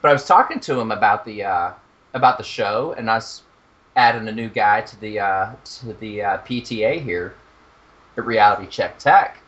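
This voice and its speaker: A young man co-hosting a podcast in casual chat, animated and profane, laughing at his own jokes. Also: on the low side, normal speed, lo-fi sound. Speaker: podcast co-host.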